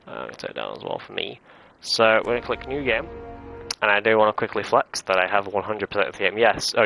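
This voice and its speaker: Young male streamer, rambly and casual, slightly low voice over game music. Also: gravelly, pushed and bright. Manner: rambling, chatty, nostalgic, filler-heavy. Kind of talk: casual gaming stream commentary.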